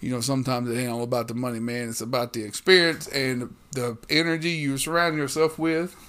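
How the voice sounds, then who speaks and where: A man's voice: medium pitch, fairly even intonation, a little fast, a bit bright, clear, resonant tone. Profane rambling man. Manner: rambling, profane, restarts a lot. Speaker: podcast co-host. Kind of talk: casual podcast chat.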